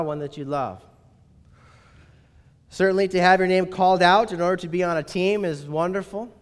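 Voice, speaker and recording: Guy preaching a sermon, kinda high voice, chatty and wry, big echoey church. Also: clear, resonant tone. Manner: conversational, wry, uses rhetorical questions. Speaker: pastor. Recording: reverberant hall.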